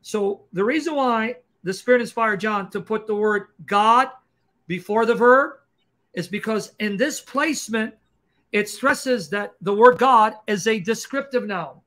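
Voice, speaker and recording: A man hosting a livestream Q&A and explaining grammar point by point in a fast, emphatic, combative lecturing style. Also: high voice, pushed and bright. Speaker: Christian apologist host. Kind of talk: livestream teaching Q&A.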